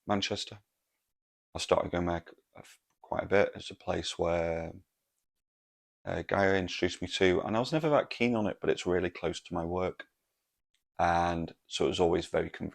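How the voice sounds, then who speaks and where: Deep raspy guy in his 40s, swearing and rambling through a story. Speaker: podcast host. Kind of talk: casual storytelling monologue.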